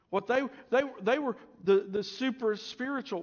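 A man preaching a sermon as pastor, swinging between loud emphasis and hushed asides. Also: sits high, animated, fairly quick, hardly any pauses, long reverb tail, muffled recording.

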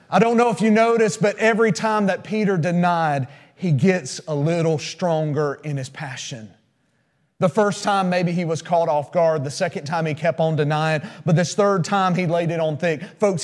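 A male pastor preaching a sermon, telling stories emphatically and asking the congregation questions. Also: a little high.

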